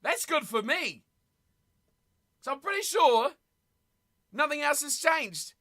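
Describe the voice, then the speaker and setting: High, bright, excitable rugby streamer. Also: takes it slowly. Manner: excitable, shouts and laughs at big plays; chatty, talks straight to viewers in chat. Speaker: streamer hosting a rugby watch party. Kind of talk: live casual commentary and chat reading.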